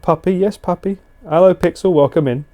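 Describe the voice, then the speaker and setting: A man's voice: high voice, brisk, dull audio. A British man chatting casually and slangily with viewers on a live stream. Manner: chatty, laid-back, slangy.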